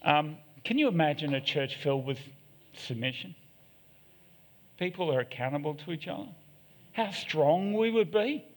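Slightly high and lively in intonation, this middle-aged preacher moves at a moderate pace with long pauses. He delivers his sermon candidly, poking fun at himself with jokes on the side, and the church hall lends a long echo.

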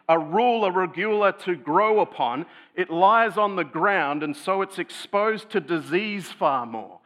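Bright-voiced male preacher. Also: high voice. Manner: conversational, thoughtful teaching tone with occasional light laughs. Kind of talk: sermon.

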